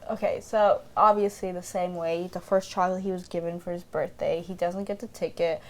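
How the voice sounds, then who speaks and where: A woman co-hosting a podcast in casual chat, playful and quick to act out characters, with lots of "like". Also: fairly low pitch, fairly even intonation. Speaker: podcast co-host.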